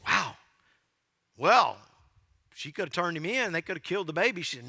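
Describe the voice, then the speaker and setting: A pastor preaching a sermon in a church, telling the story in a folksy, joking way and asking the congregation questions. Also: male voice, extremely high pitch, lively intonation, normal speed, pauses often, pushed and bright. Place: church sanctuary. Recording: long hall reverb.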